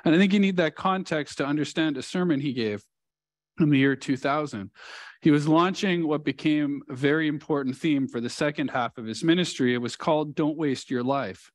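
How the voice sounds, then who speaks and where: A man's voice: a little high, fairly quick. A male pastor preaching a sermon in a church, telling a story earnestly and leaning hard on key words. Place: church sanctuary.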